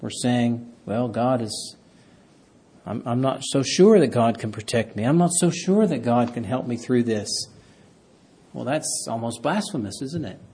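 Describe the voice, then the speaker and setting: A pastor preaching a sermon, reading scripture aloud and rising loud on key words. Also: male voice, medium pitch, expressive, a little slow, breathy edge.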